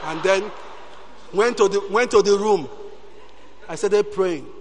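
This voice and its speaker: A man preaching a sermon, animated and breaking in often with "Hallelujah" and "Praise God.". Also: high voice, slow pace, slight background noise. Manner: animated, peppers talk with "Hallelujah". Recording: long hall reverb.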